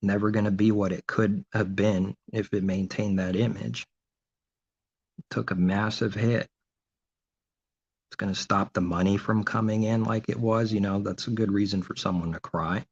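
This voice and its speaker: Low gravelly-voiced man preaching. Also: steady tone, moderate pace, darkish tone. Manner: asks and answers his own rhetorical questions; mocking sarcasm. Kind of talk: informal sermon monologue. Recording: dull lo-fi recording.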